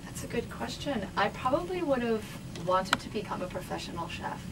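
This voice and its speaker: A woman's voice: on the high side, big pitch swings, a little fast, background noise. Bubbly, giggly woman singer. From New York. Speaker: singer guest. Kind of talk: casual radio interview. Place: radio studio.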